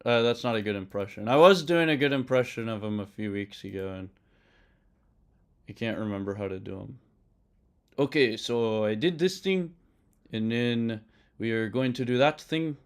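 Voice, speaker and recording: A man's voice: mid-range voice, normal speed, pauses often, smooth. A man streaming live while he codes, thinking aloud and chatting casually with viewers. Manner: thinks aloud, mutters code to himself.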